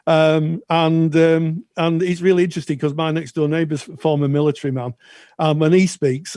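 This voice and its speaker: A man co-hosting a counselling podcast, speaking thoughtfully with frequent pauses and restarts. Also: a little high, a little mellow, no echo, clean studio sound. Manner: thoughtful, halting with many restarts. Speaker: podcast co-host. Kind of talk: casual chat.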